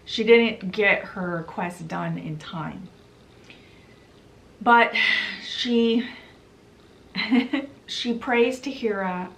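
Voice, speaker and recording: A woman's voice: mid-range voice, slight background noise, rough recording. A woman casually retelling a book's plot for her vlog, chatty and full of fillers, getting emotional along the way. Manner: chatty, uses "she's like" and "you know"; gets emotional while retelling. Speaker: book vlogger. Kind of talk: casual book summary retelling.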